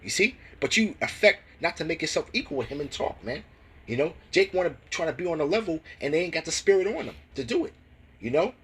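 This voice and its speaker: A man teaching from scripture, reading verses slowly and breaking in with commentary full of restarts and "man, you know?" tags. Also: on the high side, very animated, fairly bright tone, husky, low-quality recording. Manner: reads scripture slowly and deliberately. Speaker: religious teacher.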